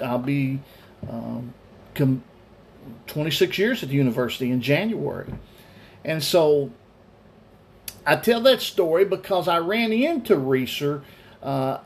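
Male pastor, forties, slightly high-pitched, earnest testimony-style Bible teaching. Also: a little hiss or hum. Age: 40s. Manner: earnest personal storytelling.

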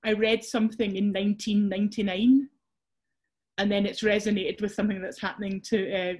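A woman's voice: mid-range voice, flat delivery, fairly quick, a little mellow. A Scottish woman presenting a workshop over a video call, chatty and self-deprecating with frequent restarts.

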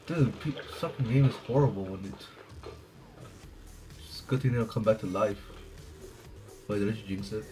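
A man's voice: on the low side, moderate pace, long pauses, mellow, faint music behind. Profane, jumpy man playing a video game. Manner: profane, jumpy, laughs at himself. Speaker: gameplay commentator.

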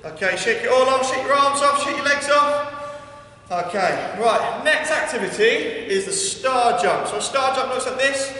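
A man's voice: very high-pitched, lively intonation, normal speed, bright, forceful tone. A man with an English accent coaching a workout class, counting down reps and urging listeners on with energy, at times out of breath. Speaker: PE workout instructor. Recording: echoey hall, mic far off.

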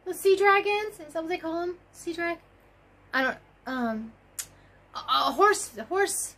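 A woman vlogging an excited unboxing, gushing, gasping and squealing with delight. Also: very high-pitched, measured pace. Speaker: crochet vlogger.

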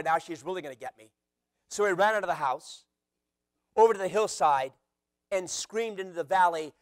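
A man preaching a sermon as pastor, animated, acting out quotes with sudden loud shouts. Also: sits high, dry recording, clean studio sound.

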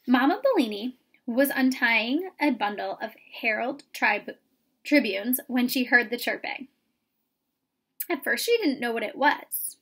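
A woman reading a children's chapter book aloud in a calm, even storytelling manner. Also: on the high side, unhurried, slightly rough. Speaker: reader. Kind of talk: storybook read-aloud narration.

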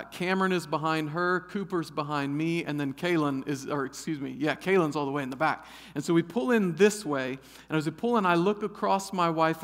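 Animated pastor in a reverberant church hall. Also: male voice, on the high side. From Ohio. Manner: animated, humorous storyteller. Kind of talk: storytelling sermon. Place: church sanctuary.

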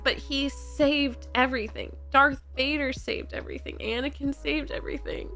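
High-voiced, bright young woman reacting. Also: moderate pace, faint music behind. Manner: effusive and emotional, full of "like". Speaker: movie reaction host. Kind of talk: casual reaction commentary.

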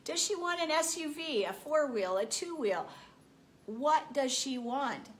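A woman's voice: high voice, lively intonation, a little slow. Woman voicing a puzzled universe firing questions. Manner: rattling off questions.

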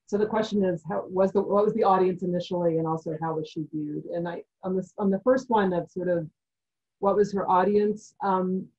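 A woman on a discussion panel, talking in a measured academic way and thinking aloud with frequent pauses. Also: fairly low pitch, dark tone, muffled recording.

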